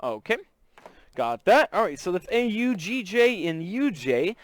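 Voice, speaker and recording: A man's voice: high-pitched, big pitch swings, unhurried. A man from Texas with a Southern accent, hosting a live trading stream in casual, chatty talk and greeting viewers by name. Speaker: forex trading stream host.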